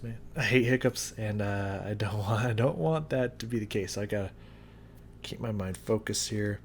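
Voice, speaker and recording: A man vlogging a hot sauce tasting to his viewers, talking casually and haltingly as he describes the burn. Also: lowish voice, a little mellow, a little hiss or hum. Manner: talks through the burn, halting and drawn out. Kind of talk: casual chat to camera. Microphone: new studio mic.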